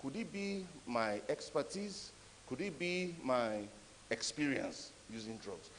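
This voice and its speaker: A man giving a conference talk, an animated, emphatic storyteller. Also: mid-range voice, slow pace, slight background noise. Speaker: conference speaker. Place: conference hall. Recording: echoey hall.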